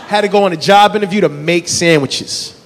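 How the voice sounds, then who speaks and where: A man's voice: high-pitched, fairly quick, slight background noise. Laid-back man doing stand-up in a reverberant venue. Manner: laid-back, absurd storytelling with acted-out dialogue. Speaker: stand-up comedian. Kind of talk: stand-up set. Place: comedy club stage. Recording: live venue with long reverb.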